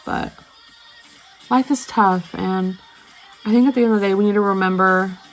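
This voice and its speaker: Chatty young woman with a gravelly voice. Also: medium pitch, fairly even intonation, moderate pace, faint music behind, low-quality recording. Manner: rambling, chatty, lots of fillers. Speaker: beauty vlogger. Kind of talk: casual storytime while doing makeup.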